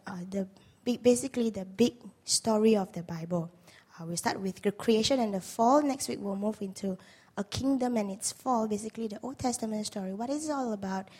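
Hoarse woman preaching from Malaysia. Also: a little high, darkish tone. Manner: earnest, asks the congregation questions. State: hoarse, lost voice. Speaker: guest preacher. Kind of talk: sermon. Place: church.

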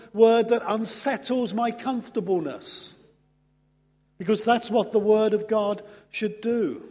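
A man preaching a sermon in an earnest, measured way, pausing slowly for emphasis. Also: high-pitched, dark tone. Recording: long hall reverb.

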